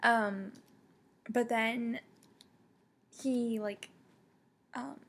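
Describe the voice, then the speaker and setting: A young woman reviewing a book casually, excitable and full of fillers and restarts. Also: a little high, very slow, slightly rough. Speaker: book vlogger.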